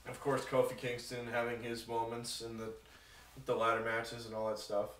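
A man's voice: mid-range voice, monotone, normal speed, fairly bright tone, a little hiss or hum. A man chatting casually with friends about a wrestling show, easygoing and chiming in with short reactions. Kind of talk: casual wrestling review chat. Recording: echoey room, mic at a distance.

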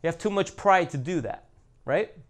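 Blunt, emphatic man with a higher voice. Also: lively intonation, normal speed. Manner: blunt, emphatic, repeats points for stress; speaks directly to the audience. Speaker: channel host. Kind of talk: casual monologue to viewers.

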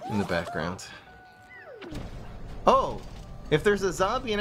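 A man giving casual live-stream commentary while playing a card game, thinking aloud and bursting into giggling excitement. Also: on the high side, unhurried, music in the background.

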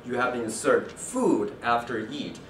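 Male lecturer, mid pitch, hesitant and full of fillers, echoey room, mic far off, faint ambience. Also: a bit bright, a little hiss or hum. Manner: halting, with many fillers and restarts. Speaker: linguistics lecturer. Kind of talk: academic lecture.

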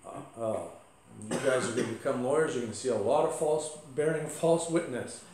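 A man's voice: medium pitch, normal speed, darkish tone, a little hiss or hum. A male pastor giving a conversational sermon with asides and light humor. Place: church sanctuary. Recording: echoey church sanctuary.

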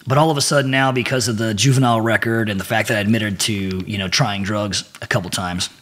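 A middle-aged man, a podcast guest, telling animated stories with a lot of swearing. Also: lowish voice, quick pace. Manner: profane and animated. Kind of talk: casual storytelling.

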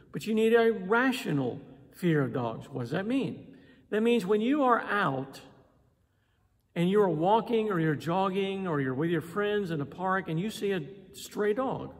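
A man preaching a sermon in an animated way, acting out voices and pausing for emphasis. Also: high-pitched. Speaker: pastor. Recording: long hall reverb.

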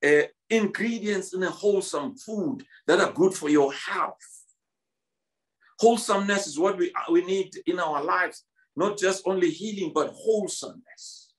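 Casting: South African male pastor, 50s, high-pitched, emphatic church sermon with stammered repeats. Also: fairly bright tone. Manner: repetitive, emphatic preaching with stammered restarts.

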